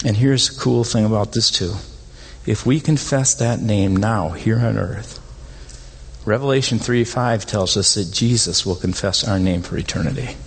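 A man preaching a sermon as pastor, animated and conversational, often rising in pitch to stress a point. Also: normal speed, creaky, slightly rough. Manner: animated, rises in pitch when making points. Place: church sanctuary. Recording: long hall reverb.

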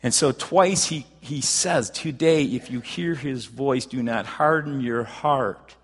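A man preaching a sermon as pastor, talking conversationally with frequent restarts and rising to animated emphasis. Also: mid-range voice, takes it slowly, big-room sound.

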